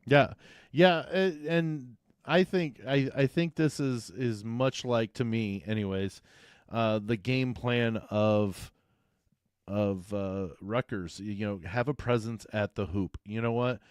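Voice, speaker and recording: A man co-hosting a sports podcast, talking in a loose, rambling way with lots of restarts and fillers. His voice sits in an ordinary middle pitch. The sound is dry and close, with no room around it. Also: slow, smooth, no echo. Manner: rambling, self-correcting, frequent uh fillers. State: hiccups. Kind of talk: casual sports chat.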